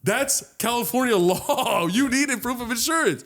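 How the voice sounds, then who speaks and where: Animated, swearing Los Angeles man. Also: very high-pitched, normal speed. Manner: animated storytelling, heavy swearing, acts out voices. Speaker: podcast co-host. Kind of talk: casual chat.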